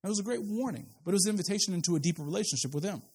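In a church sanctuary lined with pews, a middle-aged pastor preaches conversationally to his congregation, frequently repeating words as he restarts. His voice sits high and rapid-fire, with a darkish, slightly rough tone.

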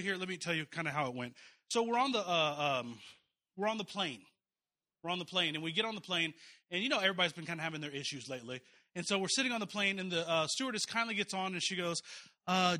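A middle-aged pastor from Kansas City, telling a joking story in a casual sermon, full of fillers and restarts. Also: male voice, on the high side, sharp tone. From Kansas City, US Midwest.

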